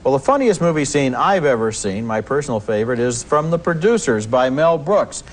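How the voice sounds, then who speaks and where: A man's voice: mid-range voice, animated, brisk, slight background noise. A man co-hosting a TV film review show, speaking in an eager, enthusiastic way. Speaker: film critic, co-host.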